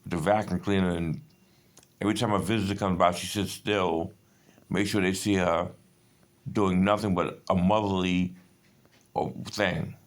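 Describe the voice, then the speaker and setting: A man's voice: sits low, fairly even intonation, unhurried, long pauses. Agitated, profane man in his fifties. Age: 50s. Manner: agitated, profane, digressive storytelling. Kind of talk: rambling personal monologue.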